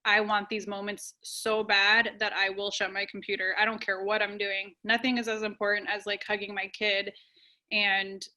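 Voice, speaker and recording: A woman's voice: medium pitch, flat delivery, normal speed, bright, forceful tone. A woman in her thirties talking about being a parent in a casual podcast conversation. She speaks in a chatty, heartfelt way and says "like" often. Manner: chatty, heartfelt, heavy use of "like". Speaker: podcast guest or host, parent.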